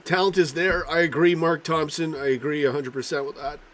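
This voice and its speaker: A man hosting a loose, rambling live football chat, speaking in a slightly raised pitch. He swears freely and reads out viewers' comments, and his voice is broken up by coughing and throat-clearing. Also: fairly even intonation, brisk, a bit bright. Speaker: livestream host.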